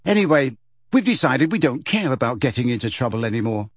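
A man's voice: medium pitch, big pitch swings, brisk, husky, no echo. A man voicing a cool, mischievous teenage boy who teases and plots pranks. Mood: teasing. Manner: cool, teasing.

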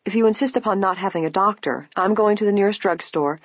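A woman reading an audiobook, voicing a kind, brisk young female detective who talks reassuringly. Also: medium pitch, husky, dry recording, voice pushed up, close to an everyday voice. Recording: dull, lo-fi, dry.

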